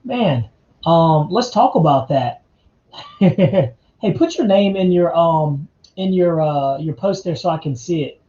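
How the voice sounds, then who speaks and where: A man's voice: fairly high pitch, expressive, takes it slowly, dark tone, echoey room, muffled recording. A man from North Carolina, hosting a casual live chat, laid-back and chatty and calling his viewers man and dude. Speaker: livestream host.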